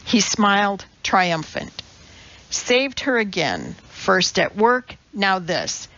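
A woman narrating an audiobook in a measured, wry way. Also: medium pitch, very animated, fairly bright tone. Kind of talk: scripted narration. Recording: dull lo-fi recording.

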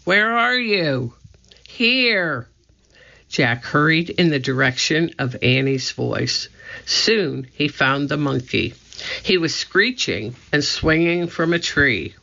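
A narrator reading a children's chapter book aloud in a steady, clear storytelling manner. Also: medium pitch, lo-fi sound. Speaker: audiobook narrator.

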